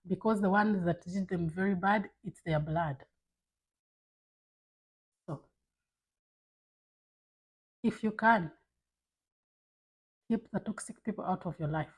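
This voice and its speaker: A woman's voice: mid-range voice, measured pace, pauses often, a little mellow, breathy edge, low-quality recording. A woman vlogging to camera in a casual, candid way, giving emphatic advice from her own life. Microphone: camera mic.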